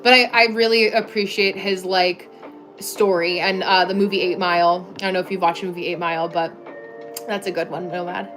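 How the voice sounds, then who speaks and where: A woman's voice: lowish voice, fairly even intonation, fairly quick. Young woman, livestream host, casual chat, filler-heavy, clip-on mic, faint background music. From United States. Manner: chatty, many "like" fillers, reads and answers viewer comments.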